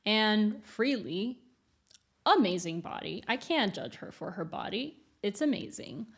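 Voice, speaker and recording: A young adult woman talking candidly to camera as a YouTuber, blunt and quick to laugh. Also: mid-range voice, very animated, slightly rough. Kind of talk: casual commentary to camera.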